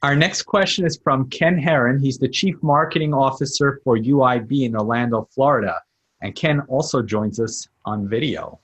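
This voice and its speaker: Male host, husky voice, straightforward announcer reading questioner intros. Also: medium pitch, moderate pace. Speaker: show host.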